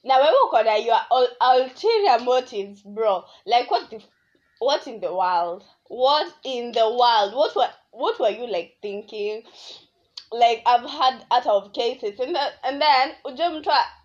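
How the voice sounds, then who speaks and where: Young Kenyan woman, podcast host, rambling storyteller, fairly high voice, dull lo-fi sound. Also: a little slow. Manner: rambling, animated, switching between English and Swahili slang. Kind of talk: casual solo podcast storytelling. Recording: dull lo-fi audio.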